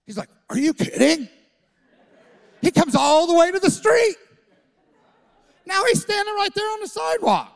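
A man, a pastor, telling a story in a sermon, acting out the voices and swinging from loud to hushed. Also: very high voice, big pitch swings, normal speed, gravelly, long pauses. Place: church stage.

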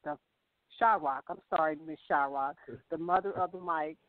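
A woman's voice: deep voice, steady tone, brisk, no echo. A woman co-hosts a radio interview and introduces the guest, tripping once over the name. The sound is dry and narrow, like a phone line. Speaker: radio co-host.

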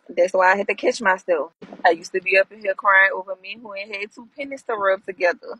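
A woman telling a family story in a lively, colloquial way, laughing at times. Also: medium pitch, a little fast, a little hiss or hum, low-quality recording. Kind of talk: storytelling in a stitched clip.

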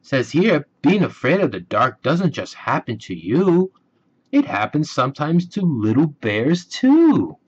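Cast note: man reading a bedtime storybook, lively pitch, lo-fi sound. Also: unhurried, breathy edge. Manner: animated read-aloud with character voices. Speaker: storybook reader. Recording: dull lo-fi recording.

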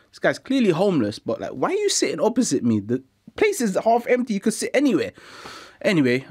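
Slangy young man, a little high. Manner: slangy, animated, conversational. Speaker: comedic storyteller. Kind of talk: comic monologue narration.

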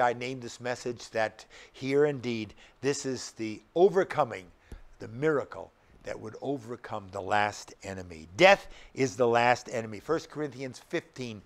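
An older male pastor preaching a sermon, emphatic and often putting rhetorical questions to the congregation. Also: mid-range voice.

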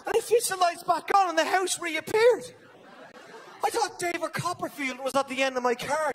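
A man with a Dublin Irish accent doing a live stand-up routine, energetic and swearing, checking in with "right?" again and again. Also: extremely high pitch, normal speed, a little hiss or hum. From Ireland. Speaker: stand-up comedian. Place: comedy stage.

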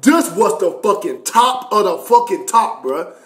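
A man's voice: high voice, sing-song, unhurried, fairly bright tone. A young man telling a loose, profane, slang-filled story on a casual livestream. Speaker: streamer. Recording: echoey room.

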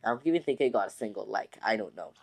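A man's voice: fairly low pitch, expressive, fast, vocal fry. A man hosting his own gaming channel, chatting casually to viewers in a rambling way with many restarts and fillers. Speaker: gaming YouTuber host. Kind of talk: casual let's-play commentary.

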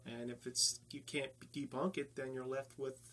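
A man from New Jersey with a North Jersey accent, a paranormal investigator telling of his investigations in a halting way with many fillers. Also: medium pitch, level tone, sharp tone. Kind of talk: casual interview talk.

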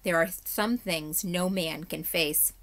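A woman's voice: lowish voice, takes it slowly, fairly bright tone. A woman reading aloud voices a young king, a commanding man who urges his crew on under strain. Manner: urgent, commanding.

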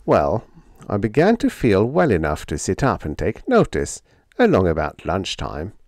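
A man reading a humorous story aloud, with a lively, playful first-person telling. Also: low voice, normal speed, dry recording, studio quality. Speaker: audiobook narrator.

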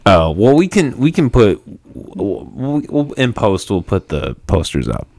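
Young male podcast host, deep, dry studio sound, self-mocking humor. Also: big pitch swings, measured pace, vocal fry, darkish tone, dry recording. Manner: joking and self-mocking, laughs often. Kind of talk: casual chat. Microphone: studio mic with headphones.

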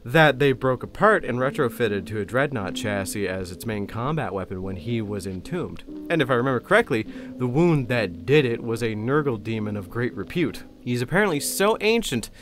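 A man's voice: mid-range voice, expressive, moderate pace. A man hosting his own channel, explaining lore in a casual, enthusiastic, rambling way. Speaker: channel host. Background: faint music.

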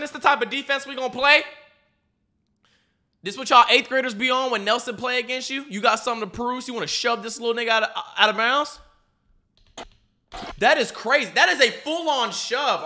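Bright, high-voiced young man reacting. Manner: animated, profane, slangy, talks at the screen. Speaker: YouTuber reacting to game footage. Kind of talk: casual reaction commentary.

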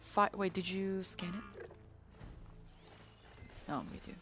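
A woman's voice: medium pitch, slow, music in the background. A woman from Canada, a community manager chatting casually while streaming a video game, playful and giggly, sometimes dropping to a whisper. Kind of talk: casual gameplay chat.

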